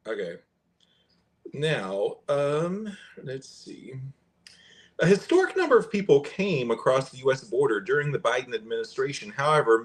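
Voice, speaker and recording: A man's voice: a little high, very animated. Conversational male podcast host. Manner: conversational, pauses and restarts while reading aloud. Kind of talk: reading and commenting on fact checks.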